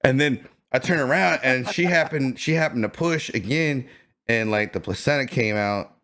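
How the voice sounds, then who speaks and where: Bright-voiced slangy young man. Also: medium pitch, moderate pace. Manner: animated storyteller, slangy, laughs a lot. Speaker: podcast host. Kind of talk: casual podcast chat.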